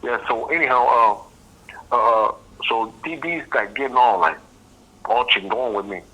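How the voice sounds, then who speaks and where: A man's voice: mid-range voice, unhurried, highs cut off. A middle-aged man, telling a prison-life story bluntly and with profanity. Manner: blunt, profane, streetwise, repeats "you know what I mean". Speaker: host. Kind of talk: casual storytelling.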